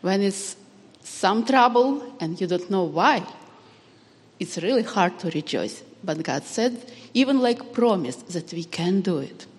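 Woman, slow and deliberate, simple phrasing, long church reverb. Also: mid-range voice, expressive. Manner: simple, non-native phrasing. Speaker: congregant. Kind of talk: sharing a favorite scripture verse.

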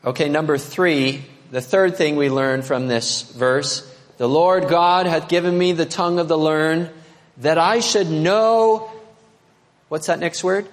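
A pastor delivering a sermon in a high, bright-toned voice. He preaches with animation, pushing up to emphatic peaks and then dropping low. His voice rings out with the long reverb of a large sanctuary. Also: takes it slowly.

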